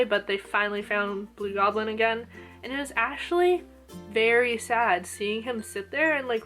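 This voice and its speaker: A woman casually reviewing an anime episode, gushing and excitable, full of "oh my gosh" and "like". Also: fairly high pitch.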